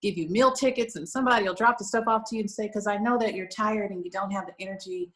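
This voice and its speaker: A woman's voice: medium pitch, quick pace, a bit bright, rough recording. Earnest woman telling a heartfelt story. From United States. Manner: earnest, emotional, frequent "you know". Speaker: guest, lingerie shop owner. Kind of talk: conversational storytelling.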